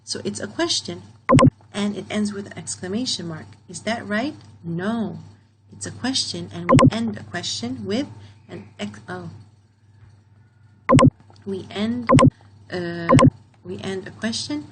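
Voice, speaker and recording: A woman teacher explaining a grammar lesson in a patient, step-by-step way, reading each example sentence slowly and then repeating it. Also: mid-range voice, heavy background noise.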